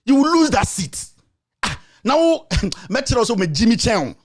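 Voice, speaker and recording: A man's voice: extremely high pitch, big pitch swings, normal speed. A man with a Ghanaian accent hosting his own show, delivering an angry, scolding political rant full of repeated insults. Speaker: political commentator and show host.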